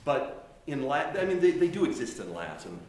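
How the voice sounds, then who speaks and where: Brief: male teacher lecturing a class, halting and explanatory, mid-pitched voice, very reverberant room with faint hiss. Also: sing-song. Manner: explanatory, halting with restarts, demonstrates phrases by singing and speaking. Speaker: chant teacher. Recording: very echoey room with faint noise.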